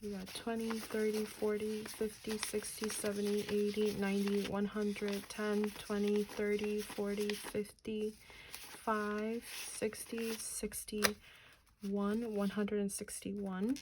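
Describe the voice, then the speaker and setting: Slow-talking woman counting cash aloud. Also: medium pitch, completely flat delivery, noisy background. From New Jersey, US. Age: 30s. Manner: slow, chatty, counts money aloud, muttering asides. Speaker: budgeting channel host. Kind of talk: casual chat while counting cash.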